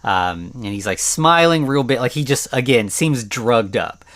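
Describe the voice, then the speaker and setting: A man's voice: medium pitch, animated, measured pace, a bit bright. A man hosting a podcast alone, recapping a film in a rambling, conversational way, with lots of "like" and restarts. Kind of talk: casual solo movie recap.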